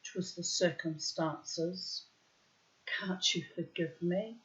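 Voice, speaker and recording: An earnest young soldier pleads his case, read by a woman in her own narrating voice. The delivery is slow and bright with a forceful edge, and the recording sounds dull and lo-fi. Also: on the low side.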